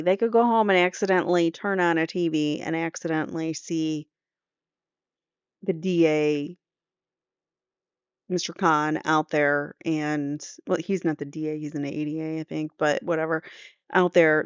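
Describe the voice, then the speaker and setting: A woman's voice: deep voice, steady tone, a little slow, clean tone, no room sound, dull audio. A woman hosting a court channel, reading trial transcripts aloud and breaking off for opinionated, conversational commentary. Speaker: true crime court channel host.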